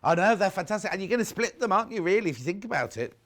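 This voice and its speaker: A man's voice: high voice, very animated, racing, a bit bright. Chatty male shopping host. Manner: chatty, reads out viewer messages. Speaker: shopping channel presenter. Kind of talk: live TV shopping chat. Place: TV studio.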